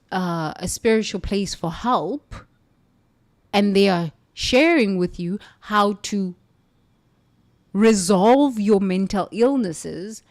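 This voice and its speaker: A woman's voice: mid-range voice, darkish tone. A woman from the United States telling her own story in an emphatic, forthright way as a guest. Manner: emphatic, forthright, preachy at times. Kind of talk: conversational storytelling.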